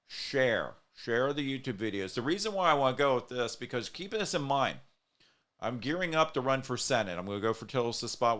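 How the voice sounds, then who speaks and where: Man, show host, earnest and rambling, smooth clear voice, casual talk. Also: fairly low pitch, fairly bright tone. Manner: earnest, rambling, speaks straight to viewers.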